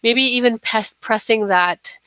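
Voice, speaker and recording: A woman trainer giving a calm, instructive staff training lecture, often checking in with "right?". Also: a little high, measured pace, no room sound, rough recording.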